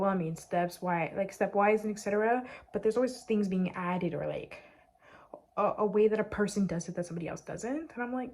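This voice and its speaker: A woman's voice: mid-range voice, a little fast, a little mellow, a little hiss or hum. A young woman chatting casually while doing her makeup, sarcastic and full of "like" fillers. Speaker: beauty vlogger. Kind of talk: casual get-ready-with-me chat.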